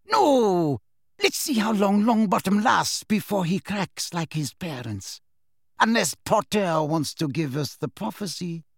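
Man doing a shrill, gleeful cruel witch. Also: huge pitch swings, slow pace, creaky, hardly any pauses, fairly bright tone, no echo, studio quality, heavily acted. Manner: shrill, taunting, delighted.

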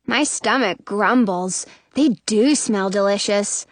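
A woman narrating a children's story in the first person, chatty and expressive. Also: high-pitched, a little slow, no echo. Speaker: audiobook narrator.

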